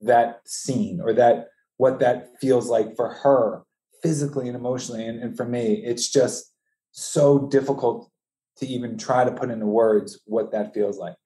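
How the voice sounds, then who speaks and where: Bereaved man, halting personal testimony, breaking with emotion, dark voice, echoey room. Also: medium pitch, fairly even intonation. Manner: halting, with many restarts and trailing phrases. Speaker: bereaved father telling his story.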